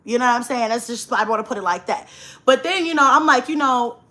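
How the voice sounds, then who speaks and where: A woman's voice: on the high side, brisk, bright, forceful tone. A young woman vlogger telling a story in a rant, swearing freely and acting out both sides of an argument.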